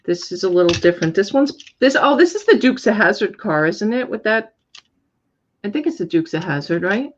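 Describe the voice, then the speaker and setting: A woman's voice: medium pitch, lively intonation, fairly quick. A woman co-hosting a live sale, reading out makers and years of items and thinking aloud as she goes. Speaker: co-host showing auction items. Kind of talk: casual live-stream item descriptions. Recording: dull lo-fi sound.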